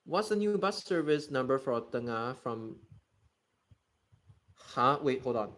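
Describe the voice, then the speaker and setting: A man's voice: mid-range voice, expressive, unhurried, fairly bright tone. A man from Singapore streaming a geography game, chatting casually and ranting about how people pronounce words. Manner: ranting, exasperated about pronunciation. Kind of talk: casual gaming commentary, reading chat.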